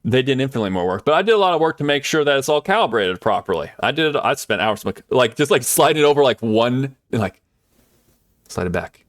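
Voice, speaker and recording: A man chats with his live-stream viewers in a loose, upbeat way, drifting between thanks, jokes and small asides. His voice sits at an ordinary middle pitch. The sound is close and dry, with no room echo. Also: big pitch swings, quick pace. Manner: chatty, upbeat, lots of fillers and asides.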